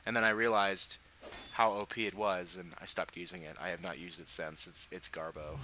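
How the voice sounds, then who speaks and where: Bright-voiced man commenting on gameplay. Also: low voice, level tone, moderate pace, slight background noise, low-quality recording. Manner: chatty and laughing, with playful sarcastic asides.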